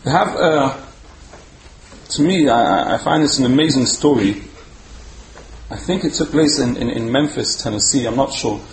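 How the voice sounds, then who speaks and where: A man giving a storytelling sermon as a Torah speaker, animated and repeating words for emphasis. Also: medium pitch, moderate pace, pauses often. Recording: roomy echo, faint background hum.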